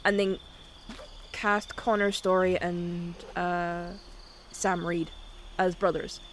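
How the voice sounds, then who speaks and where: A woman's voice: lowish voice, level tone, takes it slowly, a little hiss or hum. A woman streaming a game, chatting casually, swearing freely and reading dialogue aloud. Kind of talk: casual gaming stream chat. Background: faint game music.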